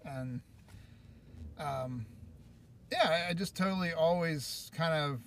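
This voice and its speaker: Man, podcast co-host, casual chat, reflective and hesitant, bright voice. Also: on the high side, slow pace, a little hiss or hum.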